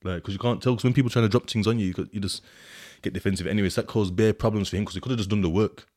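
A deep-voiced man, rambling casually in street slang with plenty of fillers. His voice sits low. The recording is dry and close, with no room sound. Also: fairly even intonation, very fast, darkish tone, no room sound. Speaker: podcast host telling his prison experiences. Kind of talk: casual monologue, reading out a report.

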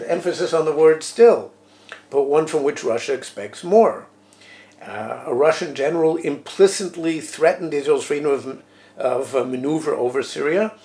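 A man co-hosting a policy podcast, giving a measured analysis full of fillers and self-corrections. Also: mid-range voice, a little mellow. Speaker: podcast co-host, former deputy national security advisor. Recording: roomy echo.

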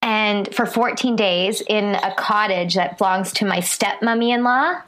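A woman comedian chatting as a guest over a remote call, lively and quick to laugh. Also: mid-range voice. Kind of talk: casual podcast chat.

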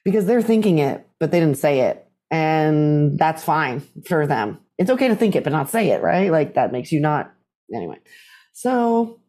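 A guest in a casual interview, telling stories animatedly and acting out the voices of others. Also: medium pitch. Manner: animated storyteller who acts out quoted voices.

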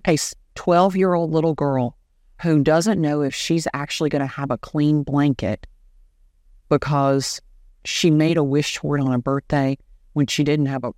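A middle-aged woman, an animated storyteller who acts out the dialogue she quotes. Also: low-pitched, moderate pace, no room sound, studio quality. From Southern US. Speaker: guest, real estate agent. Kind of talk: storytelling in an interview.

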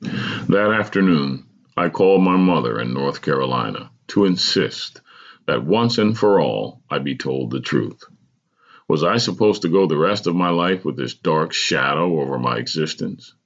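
A man, a podcast host, reading his personal memoir aloud in a measured, deliberate way. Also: a bass voice, animated, highs cut off.

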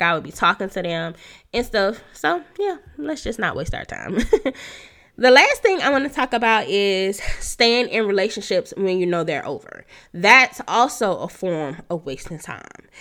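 A young woman talks through dating advice in an easygoing, chatty way, laughing often and leaning on "you know." Her nose is stuffed up, yet her voice stays bright and sharp-edged at a middle pitch. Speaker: podcast host giving dating advice. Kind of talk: casual solo talk.

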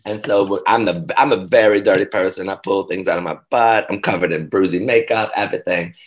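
A man telling stories as an interview guest, animated and laughing, with frank, profane asides. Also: deep voice, a little fast. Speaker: guest performer. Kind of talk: casual interview storytelling.

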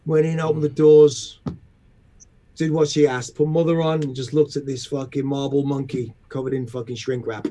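A man telling stories in casual chat, profane and animated, acting out other people's voices. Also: a little high, normal speed. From England.

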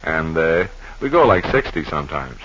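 A man hosting a 1940s radio comedy, tossing off deadpan absurd asides in a halting ad-lib style. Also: a bass voice, slight background noise. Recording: dull old radio broadcast recording.

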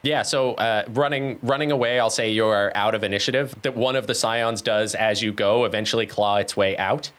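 A man's voice: on the low side, fairly quick, hardly any pauses, a bit bright. A man narrating as game master, describing scenes loosely with many fillers.

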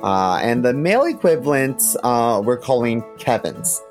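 A woman's voice: extremely low pitch, animated, moderate pace, darkish tone, faint music behind. A woman comedian hosting a casual comedic chat, leading it with blunt questions. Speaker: comedian, podcast host.

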